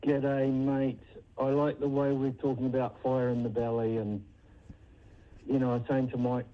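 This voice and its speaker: A man's voice: medium pitch, level tone, moderate pace, dull audio. A man with a New Zealand accent calling a talkback show, rambling and insistent. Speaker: caller. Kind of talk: phone-in call.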